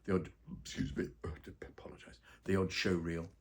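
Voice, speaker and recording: Deep-voiced man telling rambling anecdotes. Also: little pitch movement, brisk, a little mellow. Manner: rambling storyteller with many fillers, acts out quoted voices. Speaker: actor and voice-over artist interviewed. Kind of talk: casual anecdotal interview.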